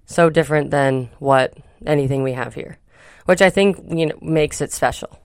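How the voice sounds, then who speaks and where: A woman's voice: low-pitched, moderate pace, a little mellow, no echo. A woman co-hosting a podcast, telling a travel story in a chatty, rambling way with many fillers. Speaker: podcast co-host. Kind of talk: casual chat.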